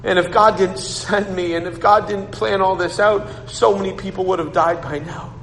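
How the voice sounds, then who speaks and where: A man's voice: sits high, steady tone, normal speed, fairly bright tone. A man preaching a sermon, retelling a Bible story in his own words and often repeating himself as he goes. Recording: long hall reverb, faint noise.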